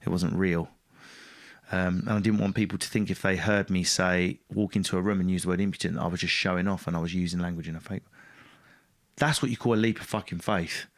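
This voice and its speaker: A man's voice: deep voice, steady tone, a little fast. A man telling his story as a podcast guest, blunt and self-mocking, swearing freely in casual talk. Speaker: podcast guest, stand-up comedian.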